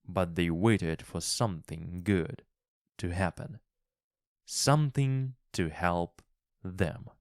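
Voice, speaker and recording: Slow, deep-voiced male storyteller. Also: no echo, studio quality. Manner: calm, clearly paced reading. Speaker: storyteller and English teacher. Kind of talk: slow storybook narration for learners.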